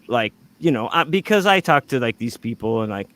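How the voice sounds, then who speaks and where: A man of middle pitch spins a loose story on a podcast. He rambles and leans on fillers. He swears freely as he goes. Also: expressive, a little fast, a bit bright. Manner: rambling, filler-heavy, profane anecdote telling. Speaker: podcast guest.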